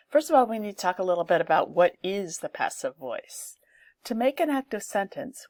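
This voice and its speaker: A woman explains English grammar in a clear, deliberate teaching voice. She talks slowly in a slightly low register, and the recording is dry and close. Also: no room sound. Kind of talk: grammar lesson.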